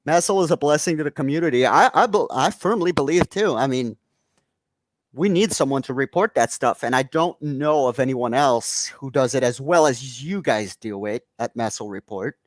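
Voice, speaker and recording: A man's voice: medium pitch, normal speed, dry recording. A Canadian man hosting a podcast from home, chatting casually, rambling and laughing often while reading out chat comments. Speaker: podcast host. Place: home room.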